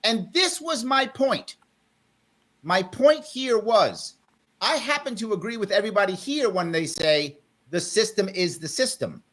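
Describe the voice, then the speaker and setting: A man hosting a live panel talk show by video call, calmly but firmly trying to settle a heated guest. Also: high-pitched, measured pace. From South Bronx, New York. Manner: firm, tries to calm a heated guest. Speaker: host.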